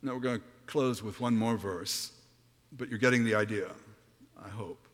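Dramatic male preacher in a reverberant hall. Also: moderate pace. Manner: dramatic, swings from hushed to booming when reading scripture. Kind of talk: sermon. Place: large church hall.

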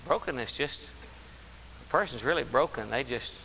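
His mid-range voice is creaky yet pushed and bright, with lively intonation, as he preaches a sermon. He leans into emphatic, elongated stresses and repeated phrases, and the audio has roomy hall reverb plus a faint hiss.

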